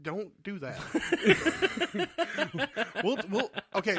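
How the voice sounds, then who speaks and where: Bright joking Alabama radio co-host. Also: male voice, sits high, huge pitch swings, slow, long pauses, slightly rough. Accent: Southern US, Alabama. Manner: joking, teasing, laughs often. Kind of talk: casual banter, profane.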